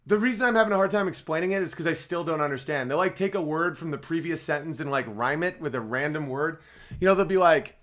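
A man's voice: on the high side, quick pace, fairly bright tone. Rambling man hosting a comic podcast. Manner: rambling, with stammered restarts and side jokes. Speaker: podcast host. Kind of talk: casual comedic monologue on a livestream.

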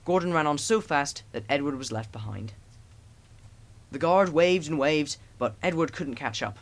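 A man narrating a children's storybook as an audiobook, in an even, gentle storytelling manner. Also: a little high, moderate pace. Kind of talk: storybook reading.

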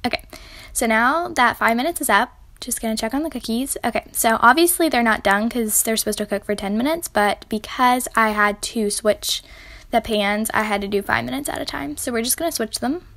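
A woman's voice: a little high, brisk, creaky, a bit bright, dry recording. A woman, chatting and giggling as she bakes in her home kitchen for a casual vlog tutorial. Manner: chatty and giggly, talking while she works. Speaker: baking vlogger.

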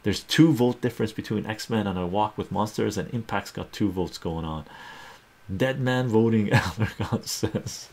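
A man's voice: fairly low pitch, measured pace, vocal fry, darkish tone. A man hosting a casual live stream, chatting with his viewers, laughing often and reading their comments aloud.

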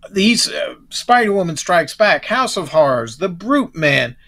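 A man with a voice a touch higher than most, talking casually as a podcast guest. He wanders from point to point and often restarts his sentences before finishing a thought. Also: sing-song, a little slow, gravelly, pushed and bright. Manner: rambling, restarts and trails off. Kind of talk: casual chat.

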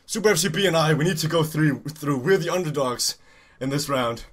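A man giving excited live commentary while playing a cycling race game, urging himself on, repeating phrases and shouting. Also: a little high, a little fast, slightly rough. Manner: urgent, repetitive, shouting in excitement. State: out of breath. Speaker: gaming YouTuber.

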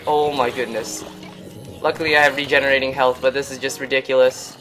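A man giving let's play commentary, excitable and easily panicked, with yelps and repeated exclamations. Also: medium pitch, quick pace, music in the background. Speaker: gaming channel host.

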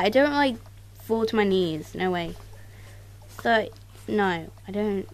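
A woman doing casual let's-play commentary to her viewers, excitable, exclaiming and mildly swearing, recorded on a tablet. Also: medium pitch, slow, long pauses. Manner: talks straight to viewers. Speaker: gaming YouTuber.

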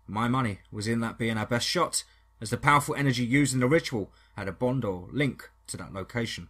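A man narrating a first-person horror story in a steady, dramatic storytelling manner. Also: medium pitch, fairly quick, breathy edge.

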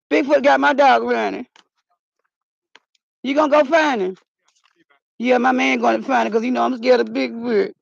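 A woman's voice: a little high, moderate pace, vocal fry, long pauses, slightly rough, no echo, lo-fi sound. A woman hosting a comedic outdoor vlog in the cold, fretting aloud and calling out for her missing dog. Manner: excitable, frets aloud, calls out a dog's name. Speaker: channel host.

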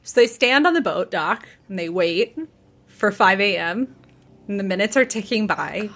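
A woman in her thirties hosts a casual gossip podcast. She tells the story in an animated way, putting on the voices of its people and often breaking into laughter. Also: medium pitch, normal speed. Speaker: podcast host.

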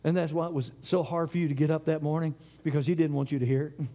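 A man preaching a sermon in church, impassioned, swinging between loud surges and quiet stretches, often stumbling and repeating words. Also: fairly high pitch, fairly even intonation, fast.

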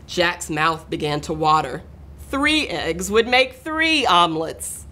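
A middle-aged woman reading a picture book aloud to children, expressive and talking to her young listeners. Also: on the low side, takes it slowly, a little hiss or hum. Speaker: school administrator reading aloud.

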